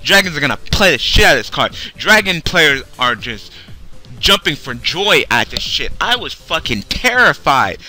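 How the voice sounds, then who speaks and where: A young man's bright, cutting voice with a highish pitch, ranting angrily at a game company. He swears constantly and turns sarcastic, with pitch leaping all over as he jumps from shouts to muttering. Soft music plays behind him. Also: big pitch swings, normal speed. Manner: angry, swearing, sarcastic, swinging loud to mumbling. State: tired, low on energy. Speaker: YouTube card game video host. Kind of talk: profane rant to camera.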